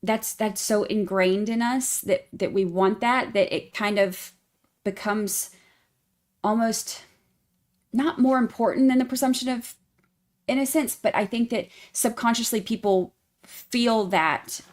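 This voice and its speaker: A woman's voice: fairly high pitch, a little slow. A woman hosting a casual true crime livestream, greeting members by name in a singsong tone and rambling with fillers and restarts.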